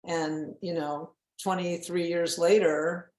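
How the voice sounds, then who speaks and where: A woman's voice: lowish voice, steady tone, takes it slowly, darkish tone, roomy sound. A woman in her seventies from New England, a guest on an interview show, talking in a candid, self-mocking way and laughing often. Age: 70s. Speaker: guest author. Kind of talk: casual interview chat.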